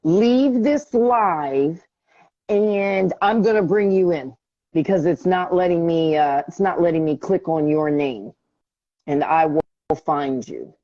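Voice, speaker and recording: Woman on a live stream, slow and flustered, muffled dry phone audio. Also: lowish voice, mellow, no room sound. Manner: frustrated, talking to herself while fixing tech. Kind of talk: casual live stream chat.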